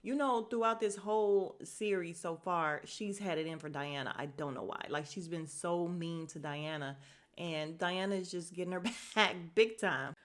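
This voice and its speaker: Animated woman recapping a TV episode. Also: fairly low pitch, moderate pace. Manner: animated, retells scenes by quoting the characters' lines, swears freely; laughs often while recounting. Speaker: podcast host recapping a TV episode. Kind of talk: casual recap chat.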